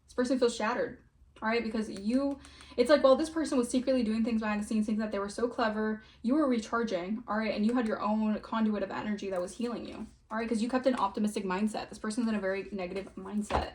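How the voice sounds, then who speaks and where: A woman's voice: fairly high pitch, steady tone, fast talker, a little mellow. A young woman giving a casual tarot reading, chatty and emphatic, often saying "all right". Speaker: tarot reader.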